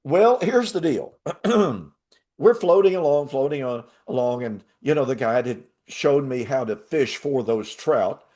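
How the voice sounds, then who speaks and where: An older man hosting a talk show, telling a travel story in a casual, animated way and laughing often. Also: medium pitch, unhurried. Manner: animated, laughs often, acts out quoted voices. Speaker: show host.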